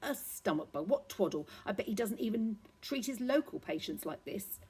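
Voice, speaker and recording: Give me a woman playing an anxious young girl from a storybook, pleading, with a mellow, slightly husky tone. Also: mid-range voice, expressive, normal speed, voice pushed up. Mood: upset. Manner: pleading and protective.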